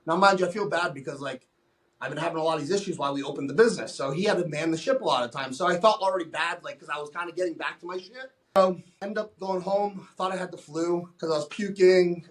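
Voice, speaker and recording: A young man on a podcast speaks in a fairly high voice as he tells his own story plainly. He swears freely, restarts his sentences often, and keeps up a candid conversational flow. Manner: blunt and profane, with many restarts. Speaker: podcast guest.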